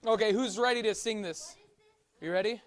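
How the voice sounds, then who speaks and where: A woman's voice: mid-range voice, moderate pace, slight background noise. Upbeat woman leading a kids' class. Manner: upbeat, coaxing, sings and shouts along. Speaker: children's Sunday school teacher. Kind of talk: leading kids in song and chat. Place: church classroom.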